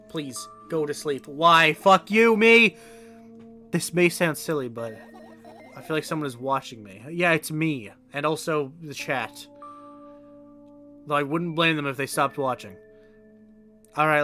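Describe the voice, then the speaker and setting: A man with a bright, forceful voice reads a game's text aloud during a stream. He mixes the game lines with his own sarcastic remarks and cursing. Faint music plays softly behind him. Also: mid-range voice, a little slow, pauses often. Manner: sarcastic asides, swears at the game.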